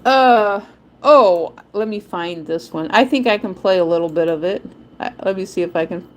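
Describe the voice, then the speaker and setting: A woman's voice: medium pitch, normal speed. A woman hosting a live stream, chatting in a rambling way and laughing often. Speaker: livestream host. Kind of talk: casual live-stream chat.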